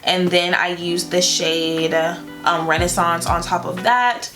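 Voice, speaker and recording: A woman's voice: on the low side, a little slow. A young woman chatting casually through a makeup tutorial, playful and loose, with lots of fillers and small laughs. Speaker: beauty vlogger. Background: guitar music.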